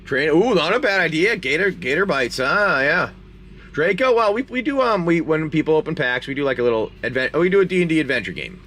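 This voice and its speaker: A man's voice: on the high side, very animated, brisk, fairly bright tone. A man hosting a live stream, chatty and rambling as he narrates a tabletop game and opens card packs. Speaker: game master and card-break host.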